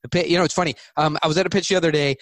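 Male interview guest, from California, storytelling, slightly high, dry sound. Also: no room sound. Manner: animated, anecdotal, quick asides. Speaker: guest author.

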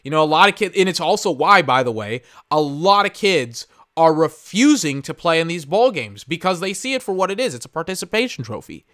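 A man's voice: a little high, very animated, a little fast, few pauses, fairly bright tone. A young man from Texas, ranting casually about football as a podcast host. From Austin, Texas. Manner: opinionated, ranting, profane. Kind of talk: casual sports commentary.

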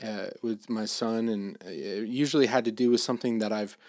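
A middle-aged dad giving an informal sermon in a casual, halting way, with many restarts and fillers. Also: male voice, lowish voice, fairly even intonation, a little mellow, dry recording, clean studio sound. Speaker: dad giving a faith talk.

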